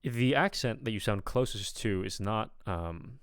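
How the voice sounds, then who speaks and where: A man with a deep, smooth voice reviews a learner's accent clip as a coach. He talks thoughtfully and hesitantly, with frequent ums. The sound is dry and close. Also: lively intonation, unhurried, dry recording. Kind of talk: reviewing a recording with feedback.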